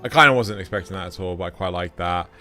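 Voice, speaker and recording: A man's voice: low voice, fast talker, music in the background. A man hosting a casual gaming session, talking in a rambling way with many fillers. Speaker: let's play host.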